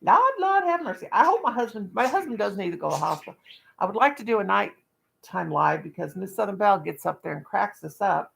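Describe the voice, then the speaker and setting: A woman's voice: medium pitch, expressive, a little fast, gravelly. A woman hosting a casual live stream from her home in the country, rambling and joking in a folksy way.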